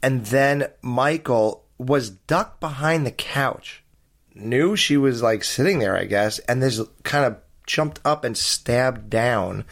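This is a man co-hosting a casual movie podcast. His voice sits at an ordinary middle pitch. He walks through scenes in detail and poses pointed questions about them. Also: fairly bright tone. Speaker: podcast co-host. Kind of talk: casual film review chat.

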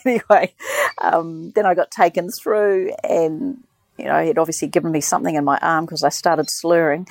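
Middle-aged woman, animated anecdote teller with a gravelly low voice. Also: moderate pace, no room sound. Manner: animated storyteller, quotes others in lively voices. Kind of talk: casual chat.

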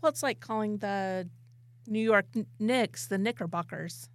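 A woman's voice: medium pitch, measured pace. A middle-aged woman in a casual group chat who acts as the group's sports expert, teasing and assertive.

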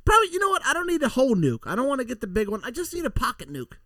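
A man with a high, animated voice riffs through casual podcast banter, bragging like a schemer. His tone is bright and sharp, and the sound is close and dry. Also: very fast, dry recording. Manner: joking, boastful, scheming tone. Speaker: podcast co-host.

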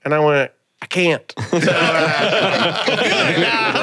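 Animated Southern man telling stories. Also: sits high, extremely slow. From Alabama. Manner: animated, laughing through stories, acting out others' lines. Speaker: podcast guest, comedian. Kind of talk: casual storytelling.

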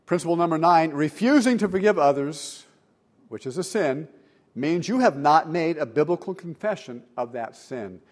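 A man preaching a sermon in church as pastor, animated, swinging between loud emphasis and quiet asides. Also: a little high, moderate pace.

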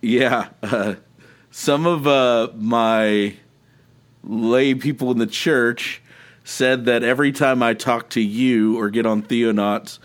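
A chatty man with a Texan accent, talking casually as a podcast co-host. He rambles through asides and laughs easily. His voice sits at a middle pitch. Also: fairly even intonation, slow. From Texas. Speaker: podcast co-host, seminary student. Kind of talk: casual chat.

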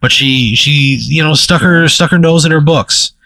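A young man with a bright, forceful voice tells a long made-up story, stumbling and filling with "like" and "you know". The sound is dry and close. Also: a little high, normal speed, no room sound, rough recording. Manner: rambling, full of "like" and "you know". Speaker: podcast co-host. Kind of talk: improvised storytelling.

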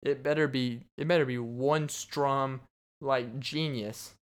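A man's voice: mid-range voice, steady tone, takes it slowly, clean tone. A young man hosting a casual solo podcast, rambling and joking and laughing often. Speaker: podcast host.

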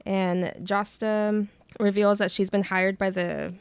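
A woman co-hosting a casual book chat, briskly summarizing the plot with frequent reactions. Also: medium pitch, flat delivery, clear, resonant tone, dry recording. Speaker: podcast co-host.

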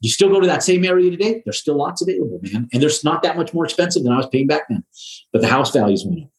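A man's voice: fairly high pitch, big pitch swings, fast talker, low-quality recording. A middle-aged man, a home builder, telling stories in a casual podcast chat, slangy and swearing freely, with loose restarts. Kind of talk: casual storytelling.

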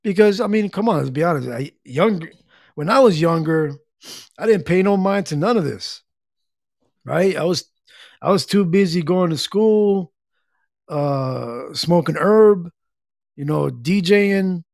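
A man's voice: a little high, animated, a little slow, gravelly, pauses often, darkish tone, no echo, clean studio sound. A middle-aged man hosting a casual livestream, rambling in an easygoing way and reading viewers' comments aloud. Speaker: livestream host.

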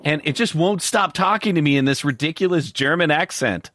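A man's voice: on the high side, a little fast, fairly bright tone, no room sound. A man hosting a podcast, joking around and making prank phone calls with mock urgency. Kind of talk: casual prank-call banter.

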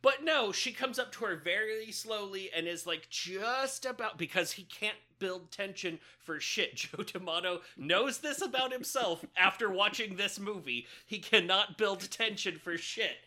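A woman's voice: medium pitch, measured pace, hardly any pauses, bright, forceful tone. A woman co-hosting a podcast, recapping a film in casual, profane, joking chat and laughing often. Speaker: podcast co-host.

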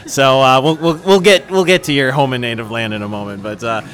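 A man's voice: medium pitch, steady tone, brisk, fairly bright tone. A man hosting a casual dinner interview at a restaurant table, teasing and playful with his guests. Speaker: host.

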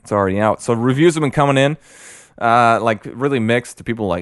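A young man hosting a solo podcast, rambling and excitable with many fillers, and a bit out of breath. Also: medium pitch, fairly quick, clear, resonant tone, no room sound, clean studio sound. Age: young adult. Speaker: podcast host.

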